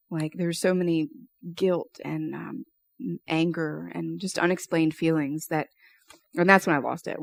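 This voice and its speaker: A woman's voice: low voice, no echo, studio quality. A young woman giving a personal testimony at church, telling her story conversationally with lots of fillers.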